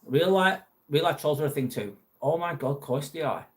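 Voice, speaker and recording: This man is a livestream host reading viewer chat in a casual live chat, talking bluntly and swearing freely. His voice sits a little high, and he speaks at a moderate pace in an animated way.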